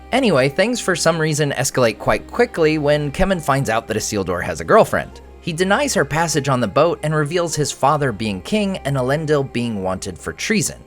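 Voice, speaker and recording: Lively wry man breaking down an episode. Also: mid-range voice. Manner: wry, joking asides. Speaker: host.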